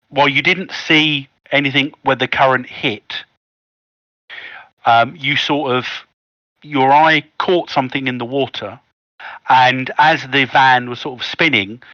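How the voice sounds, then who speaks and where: A man running a tabletop game as game master, narrating scenes in a measured, descriptive way with the odd "um" and "sort of". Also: mid-range voice, fairly bright tone, no echo, highs cut off.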